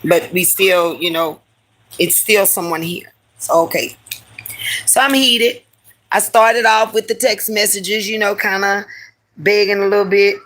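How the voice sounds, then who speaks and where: A woman's voice: mid-range voice, fairly even intonation, a little slow, fairly bright tone, low-quality recording. A woman hosting a live stream who tells a personal story in a candid, heated way, full of profanity and slang. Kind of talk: casual storytelling to a live audience.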